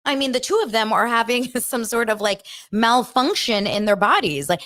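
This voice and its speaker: A woman hosting a casual pop culture podcast, chatty and animated, with a dry close-mic sound. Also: moderate pace, dry recording. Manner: chatty, animated, mocks others in shrill voices. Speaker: podcast host.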